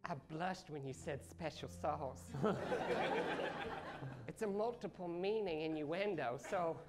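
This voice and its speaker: A woman's voice: low voice, slow pace. A woman improvising a lovestruck man who reads his rambling love letter aloud on a live comedy stage. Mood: tender. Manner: rambling, earnest, breaks into laughter. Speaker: improv performer. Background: live music underscore.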